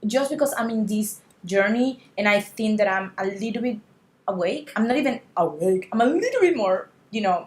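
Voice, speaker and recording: Fast-talking animated woman podcast guest. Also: mid-range voice. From Latin America. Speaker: podcast guest, wellness coach. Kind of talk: casual podcast conversation.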